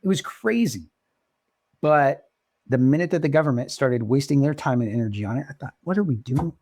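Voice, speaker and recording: A man co-hosting a podcast, telling stories in casual chat and jumping up in pitch when he gets excited. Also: fairly quick, no echo, clean studio sound. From Oregon. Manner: animated storyteller, pitch jumps when excited. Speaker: podcast co-host.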